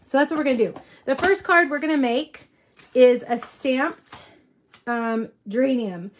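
A woman's voice: high voice, unhurried, a little hiss or hum. A woman hosting a weekly live crafting show, chatting casually and rambling with many ums and restarts. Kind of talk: casual live-stream chat. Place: home in South Texas.

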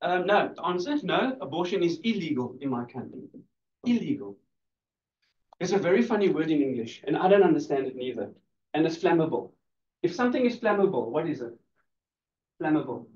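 A man's voice: fairly high pitch, big pitch swings, a little fast, long pauses, a little mellow. A man giving a playful, teasing law lecture to a class, laughing often. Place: lecture room. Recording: distant echoey lo-fi room recording.

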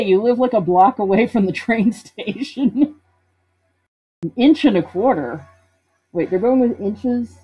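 Playful woman streamer, slightly breathy, muffled stream audio over game music. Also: medium pitch, lively intonation, unhurried, long pauses. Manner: playful, reads game text aloud and jokes. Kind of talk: casual let's-play commentary.

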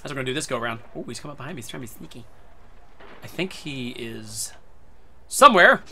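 A man giving excitable gameplay commentary who swears a lot and breaks into sudden shouts. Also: medium pitch, quick pace, vocal fry, slight background noise. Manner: talks to himself and his teammates. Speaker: gaming video creator.

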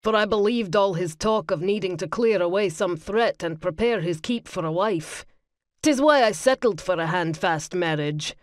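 A woman voicing a gruff, protective Highland man in an audiobook, speaking firmly in a lowered voice. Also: moderate pace, dry recording, studio quality, natural voice. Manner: firm, insistent, lowered voice. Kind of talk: audiobook character voice.

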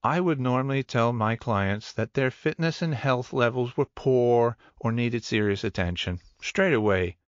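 A man's voice: medium pitch, unhurried, few pauses, dry recording, close to an everyday voice. A man voicing an eager, chatty young male gym trainer who rambles enthusiastically, in a dull, dry audiobook recording. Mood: enthusiastic.

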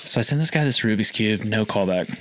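A man's voice: on the low side, lively intonation, fairly quick, a bit bright, slight background noise. A man from Oklahoma, a store owner, telling stories in a casual interview, rambling and filling his talk with lots of "like". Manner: rambling, filler-heavy with lots of "like". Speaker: feed store owner, guest.

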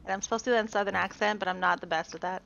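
A woman's voice: medium pitch, steady tone, rapid-fire, vocal fry, fairly bright tone, highs cut off, slight background noise. A woman from Chicago chatting casually while gaming on a stream and laughing often.

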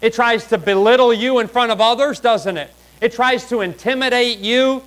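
A man preaching a sermon, emphatic and swinging between loud exhortation and quiet, hushed asides. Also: very high voice, normal speed, low-quality recording. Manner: emphatic, drops to a hush for asides.

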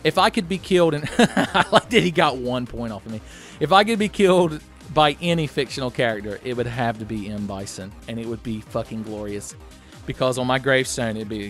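A young man giving casual, profane commentary while playing a fighting game, often shouting his special moves. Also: medium pitch, fairly quick, soft background music. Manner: excitable, profane, yelling move names. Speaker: let's-play commentator.

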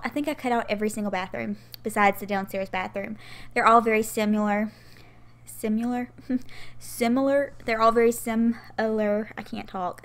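A young woman, out of breath and heavily pregnant, chatting casually through a game build voiceover with lots of fillers and giggles. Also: mid-range voice. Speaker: Sims gaming YouTuber.

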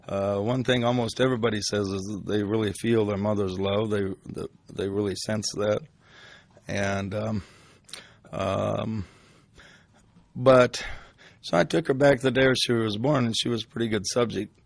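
A man's voice: lowish voice, vocal fry. An older man telling a personal story in a casual, rambling way, full of restarts.

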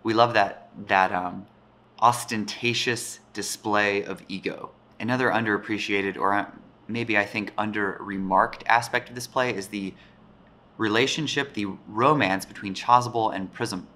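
A male teacher giving a casual, rambling talk about a play, thoughtful and pausing often. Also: lowish voice, fairly even intonation, bright, forceful tone. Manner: thoughtful, rambling, with frequent pauses.

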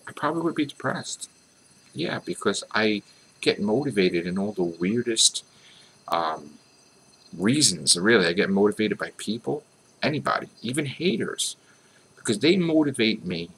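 A deep, bright-toned American man rambles to his viewers in a casual vlog, earnest and self-mocking by turns. His voice is low but forceful, with a faint hiss of background noise. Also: gravelly. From United States. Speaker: vlogger.

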